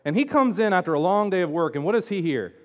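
A man preaching a sermon as pastor, swinging between loud emphatic lines and quiet asides. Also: high-pitched, animated, fast talker. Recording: long hall reverb.

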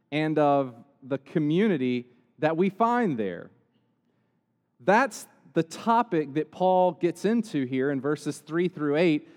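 A man's voice: a little high, darkish tone. Man preaching in a reverberant hall. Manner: conversational preaching with slow emphatic pauses. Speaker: pastor. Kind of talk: sermon.

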